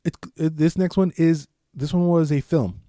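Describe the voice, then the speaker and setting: Mellow-voiced man rambling solo on a podcast. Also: on the high side, normal speed, no echo, studio quality. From United States. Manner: rambling, loose and profane, with frequent restarts. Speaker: podcast host. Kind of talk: solo casual podcast chat.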